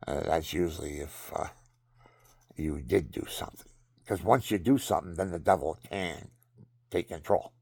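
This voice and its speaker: A man's voice: low voice, gravelly, mellow, husky, dry recording. An older man rambling through personal stories and religious advice, often restarting sentences and chuckling at himself. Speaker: vlogger telling personal stories.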